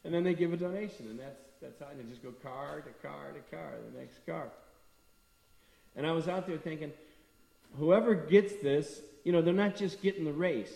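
Middle-aged male speaker, devotional talk, animated anecdotes; long reverb, voice from a distance. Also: fairly high pitch, moderate pace, creaky. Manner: storytelling, acting out quoted people. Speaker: temple speaker. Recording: echoey hall from a distance.

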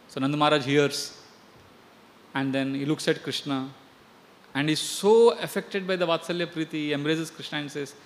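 Earnest guy telling a devotional story, a bit high voice, long hall echo. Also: a little hiss or hum. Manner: earnest, repeats and restarts. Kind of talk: devotional storytelling, chanting verses.

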